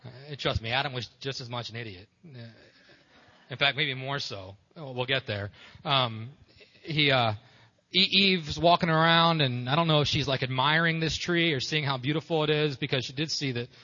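A man's voice: mid-range voice, normal speed, sharp tone. A man preaching a sermon in a casual, joking, irreverent way with many restarts. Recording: dull recording in a reverberant hall.

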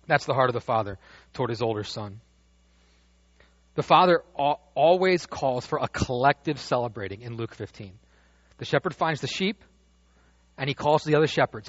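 A man preaching a sermon as pastor, animated, dropping to a hush and rising loud as he acts out the father's words. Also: mid-range voice, moderate pace, no echo. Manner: animated, swings from hushed to loud when quoting the father. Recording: dull dry lo-fi sound.

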